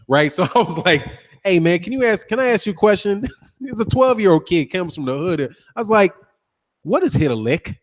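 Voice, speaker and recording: A man's voice: high voice, moderate pace, big-room sound. A man hosting a boxing talk show, chatting casually and telling stories with frequent laughter and swearing. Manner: animated storytelling, laughs often, swears casually. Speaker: boxing channel host. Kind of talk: casual livestream chat reading comments.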